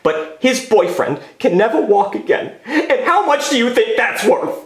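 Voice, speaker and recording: A man voicing an excitable lawyer who rambles and stammers. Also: very high-pitched, moderate pace, echoey room, a crowd in the background. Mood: pleading.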